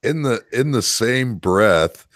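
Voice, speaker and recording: A man's voice: mid-range voice, lively intonation, takes it slowly, fairly bright tone, dry recording. A man in a casual chat, speaking with dry, wry humor.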